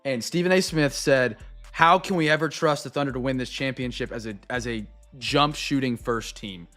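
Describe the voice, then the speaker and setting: A young man hosting a live card break, chatting to viewers and going off on excitable, rambling sports rants. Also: mid-range voice, normal speed, soft background music.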